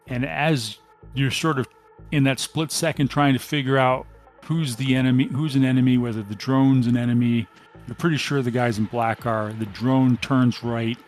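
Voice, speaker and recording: Acting as game master for a tabletop RPG, a man of medium pitch narrates the action in an even, measured manner, often saying um.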